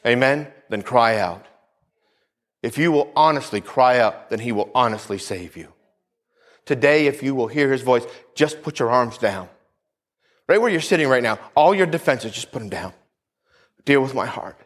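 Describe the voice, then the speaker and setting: A man preaching a sermon with emphasis, repeating phrases, dropping low and quiet for weight, and calling out for the congregation's amens. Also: expressive, moderate pace. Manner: emphatic, repeats phrases, calls for "Amen?" responses.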